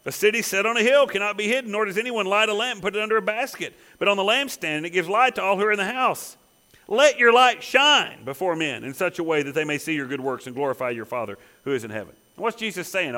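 A man preaching a sermon, emphatic, with rhetorical questions that build to loud peaks. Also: high-pitched, animated, fast talker, low-quality recording.

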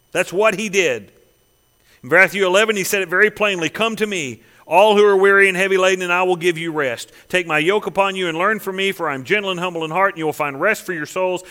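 A man's voice: sits high, sharp tone, big-room sound. A man preaching a sermon as a pastor, emphatic, with rhetorical questions and a repeating cadence.

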